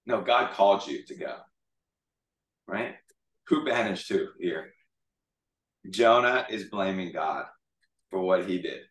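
Casual Bible study leader, man, somewhat low voice, animated and jokey, recorded in an echoey room from a distance. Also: unhurried, pauses often. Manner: chatty, jokey, animated retelling. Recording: echoey room, mic far off.

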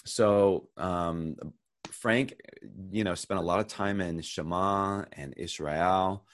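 A man leading a Bible lesson over a video call, praying first and then explaining a verse in a relaxed way with many pauses and restarts. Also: low-pitched. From United States. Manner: unhurried, thinking aloud with fillers and restarts. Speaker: Bible study teacher. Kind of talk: casual Bible lesson with opening prayer. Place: online video call, sharing a screen.

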